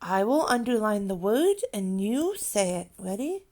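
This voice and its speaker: A woman teaching young learners in an online children's lesson sounds out words slowly in drawn-out teacher talk with lively pitch. She prompts the kids to repeat and praises them often.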